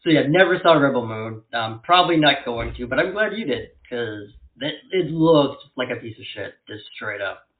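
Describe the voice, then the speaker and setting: A man co-hosting a casual podcast chat, speaking bluntly and profanely in a relaxed way. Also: mid-range voice, normal speed. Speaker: podcast co-host. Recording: echoey room over a phone-like line.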